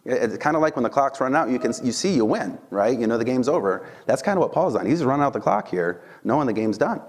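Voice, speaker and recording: A man preaching a casual sermon, conversational and animated, often checking in with the listeners with "right?" and "okay?". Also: mid-range voice, quick pace. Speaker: preacher and Bible teacher.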